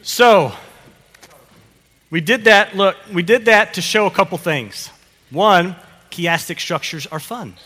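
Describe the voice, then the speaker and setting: A man preaching a family sermon as pastor, animated and encouraging as he coaches children through the psalm, often repeating his phrases. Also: sits high, takes it slowly, long pauses, big-room sound.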